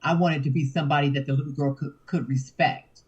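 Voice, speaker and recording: A woman co-host in casual podcast chat, recapping in quick bursts and talking over the others. Her voice is low and husky. The sound is muffled and lo-fi. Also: fairly even intonation, a little mellow.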